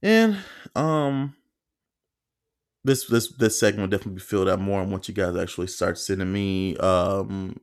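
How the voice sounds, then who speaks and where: A man's voice: deep voice, normal speed, clear, resonant tone. A man hosting a solo podcast, telling a story in a casual, profane, rambling way with lots of fillers and acted-out quotes. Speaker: podcast host.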